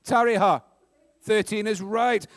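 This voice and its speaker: High-voiced New Zealand quiz host. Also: male voice, fairly even intonation, no room sound. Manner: brisk, joking, sarcastic asides. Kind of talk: live school quiz hosting.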